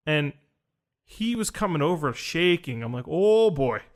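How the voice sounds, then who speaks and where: A man's voice: on the high side, normal speed. A man telling a personal story in casual conversation, acting out the dialogue he quotes. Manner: animated, acts out quoted dialogue. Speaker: podcast host recounting an experience.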